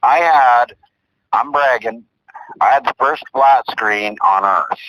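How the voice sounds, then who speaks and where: A man's voice: medium pitch, slow, fairly bright tone, dry recording, lo-fi sound. An older man telling long, rambling stories in casual chat as co-host, often repeating himself.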